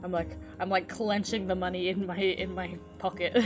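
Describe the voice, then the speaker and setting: A woman's voice: on the low side, fairly even intonation, a little slow. Woman streamer reading over game music. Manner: casual, swears at the game, chatty asides. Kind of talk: reading game story aloud. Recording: voice with loud game music behind.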